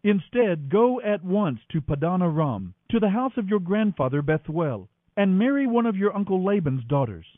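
A man's voice: high-pitched, very animated, normal speed, hardly any pauses, dry recording, voice pushed up. A man voicing a grave old father who speaks in solemn, formal pronouncements. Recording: tinny phone-like line, faint music.

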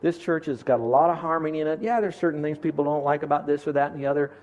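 A man's voice: on the high side, rapid-fire, darkish tone. Earnest pastor, a man preaching. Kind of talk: sermon. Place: church.

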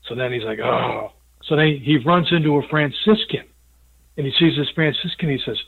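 A man calling into a radio show and telling a joke with animated energy. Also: mid-range voice, moderate pace, creaky, breathy edge. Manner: animated storyteller. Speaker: caller. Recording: tinny phone line.

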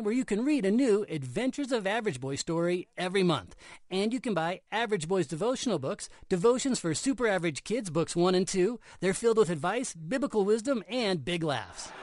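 Earnest adult podcast host, lively pitch. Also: brisk, no echo. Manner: earnest, explanatory, with corny jokes. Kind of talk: scripted kids' podcast talk. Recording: dry close studio sound.

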